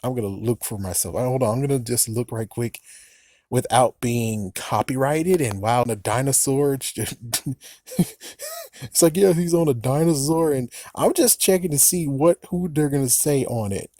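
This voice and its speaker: A man's voice: medium pitch, moderate pace, dark tone. A man giving casual, ranting reaction commentary, swearing often and laughing between remarks. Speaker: YouTuber giving opinions.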